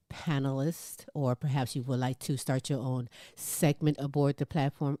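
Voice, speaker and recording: A woman's voice: extremely low pitch, dark tone, no room sound, studio quality. A woman co-hosting a live talk show, playful and laughing, stretching out her words to the audience. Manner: playful, drawn-out endearments, laughs often. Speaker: co-host.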